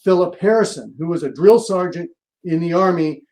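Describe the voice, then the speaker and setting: High-voiced male guest, lively storyteller who slips into the voices of the people he quotes. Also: moderate pace. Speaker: guest, sports agent. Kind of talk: interview storytelling.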